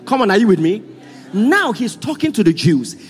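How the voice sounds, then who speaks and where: Male Nigerian pastor, high animated preaching voice, rousing call-and-response, hall echo with faint music underneath. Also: moderate pace. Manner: rousing call-and-response, often shouting to the congregation. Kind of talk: sermon.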